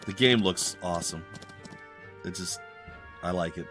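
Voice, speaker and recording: A man's voice: deep voice, measured pace, music in the background. A man hosting a let's play, giving casual gameplay commentary in a rambling, hesitant way full of fillers and restarts, at a desk microphone at home.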